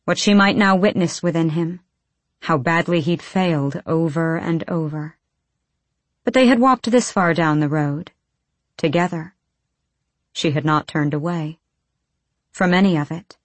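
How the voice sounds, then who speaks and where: A woman narrating a fantasy audiobook in a measured, low-key storytelling manner. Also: dry recording.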